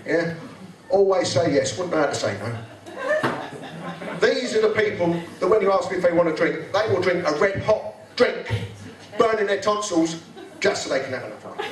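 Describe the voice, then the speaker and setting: A man doing a stand-up comedy routine, blunt and sweary, acting out office characters in quick voices. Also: sits high. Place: live venue with audience laughter. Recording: echoey live room, mic picked up from a distance, crowd audible.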